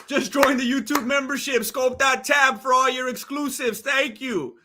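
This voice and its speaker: A young man commentating a live stream, talking to his chat in a hyped, excitable way with frequent laughs and shouts. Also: extremely high pitch, moderate pace.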